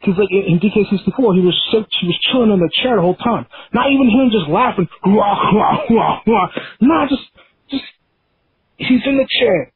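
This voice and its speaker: A man's voice: high voice, brisk, husky. A man calling in to a podcast, talking in a rambling, enthusiastic way with many restarts. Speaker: caller. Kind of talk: casual voicemail call-in. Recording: tinny phone line.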